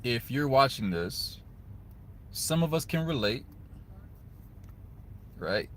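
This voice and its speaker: An earnest young man speaking to camera, at a middle pitch and with a casual, heartfelt way of talking. He keeps checking in with his listeners. A faint hum of background noise sits under his voice. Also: sing-song, takes it slowly. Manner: earnest, conversational, repeats "guys" and "right?". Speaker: video host giving advice to men. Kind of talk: casual motivational talk to camera.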